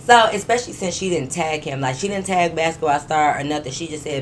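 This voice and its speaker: A young woman, telling a story to viewers in an animated, emphatic, profane way and laughing often. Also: low voice, brisk, slight background noise. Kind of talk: casual storytime vlog.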